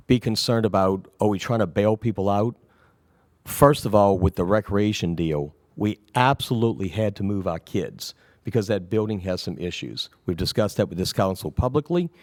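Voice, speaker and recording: A man who is recovering from an illness, answering questions at a city council meeting in a rambling, reassuring way that often trails off quietly. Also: on the low side, moderate pace, dry recording, clean studio sound. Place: council chamber.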